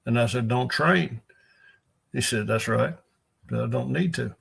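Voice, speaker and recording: A man's voice: mid-range voice, measured pace, vocal fry, a bit bright, husky. An older man, a strength coach telling rambling, folksy stories in an interview. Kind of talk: storytelling in an interview.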